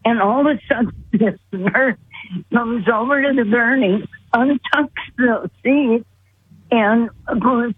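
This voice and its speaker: A woman's voice: on the high side, slow, husky, no echo. A woman earnestly retelling a personal story as a guest, calling in by phone. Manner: earnest, vivid retelling with quoted voices. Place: phone call. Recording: tinny phone line.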